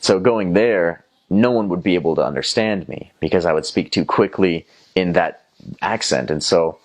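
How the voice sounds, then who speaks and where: Low-voiced and speaking at normal speed, this young Southern man from North Carolina, USA, shares first-person tales of his time as a missionary. His relaxed storytelling wanders, full of fillers, false starts, and impressions of others.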